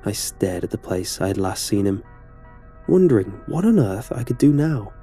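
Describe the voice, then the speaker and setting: A man narrating a horror story in a steady, measured way. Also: on the low side, husky, faint music behind.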